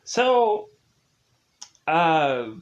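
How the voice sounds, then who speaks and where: Guy reviewing a tv episode, kinda high voice, slow and rambly with lots of uhs. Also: very animated, lo-fi sound. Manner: rambling, lots of fillers, laughs often. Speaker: TV show reviewer. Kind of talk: casual spoiler review.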